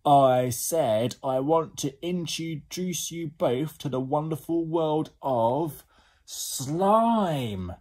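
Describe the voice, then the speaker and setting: A man's voice: lowish voice, very animated, unhurried, a little mellow, slightly rough, heavily acted. A man voicing a confident, cheeky young boy who gives orders. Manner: bossy, cheeky.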